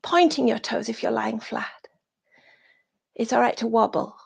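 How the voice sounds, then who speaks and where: A British woman teaching a yoga class over a video call, giving soft breathy cues that often drop to a whisper. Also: on the high side, normal speed. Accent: British English.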